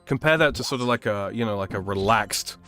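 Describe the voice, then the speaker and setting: A man's voice: fairly low pitch, a little fast, sharp tone, soft background music. A man hosting a gaming stream, chatting casually in a musing, hesitant way with plenty of fillers. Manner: musing, hesitant, thinks aloud with many fillers. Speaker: streamer host. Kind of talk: casual chat while gaming.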